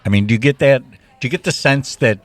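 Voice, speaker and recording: A man's voice: mid-range voice, fairly quick, dry recording. A man co-hosting a podcast, chatting casually and animatedly, stumbling over his words as he thinks aloud. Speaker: podcast co-host. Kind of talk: casual chat.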